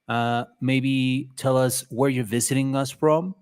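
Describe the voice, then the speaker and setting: A man's voice: medium pitch, fairly even intonation, measured pace, darkish tone, clean tone. A man hosting a livestream in a chatty, rambling, playful way. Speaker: livestream host. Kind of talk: casual live chat.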